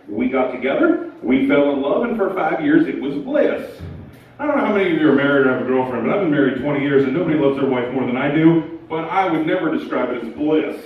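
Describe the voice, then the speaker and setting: A man doing a stand-up set in a live comedy club, telling a story deadpan with acted-out quotes. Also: on the high side. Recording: echoey club from far off, dull.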